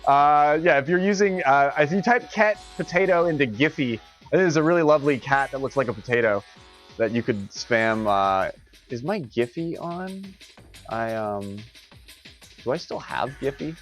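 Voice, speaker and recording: A man's voice: medium pitch, expressive, moderate pace, faint music behind. Rambling, joking male streamer. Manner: rambling, joking, laughs often. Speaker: streamer hosting a tournament. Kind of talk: casual live-stream chat.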